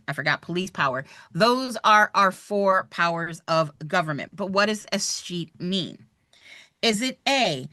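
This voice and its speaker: Bright chatty woman teaching. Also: medium pitch, no room sound, clean studio sound. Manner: chatty, animated, talks straight to viewers. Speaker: real estate exam instructor. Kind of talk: live online exam review.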